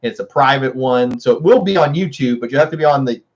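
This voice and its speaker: Man, livestream host, casual chat, average pitch, dull lo-fi sound. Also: fast talker. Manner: chatty, laughs often, scolds his dogs in a high voice.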